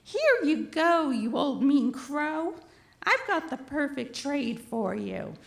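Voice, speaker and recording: A woman voicing a gentle young male bear in a children's storybook, speaking in an earnest, pleading way. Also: high-pitched, sing-song, takes it slowly, gravelly, heavily acted. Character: gentle young male bear who loves his hat. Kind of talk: reading a children's story aloud.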